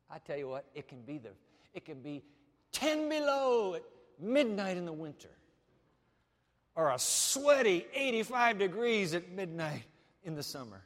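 A man preaching a sermon as pastor, animated, swinging from loud declarations to hushed asides. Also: high voice, normal speed, long reverb tail.

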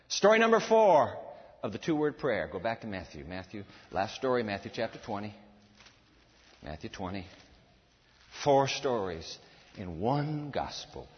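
A man preaching a sermon to a large congregation, swinging from loud exclamations to hushed, low asides. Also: big pitch swings, unhurried, long pauses, big-room sound, dull audio. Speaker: pastor. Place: large church with balcony.

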